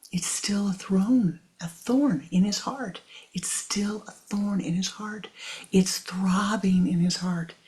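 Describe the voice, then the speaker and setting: A woman spiritual teacher telling a story in a sermon, hushed and dramatic, often sliding into a whisper. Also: medium pitch.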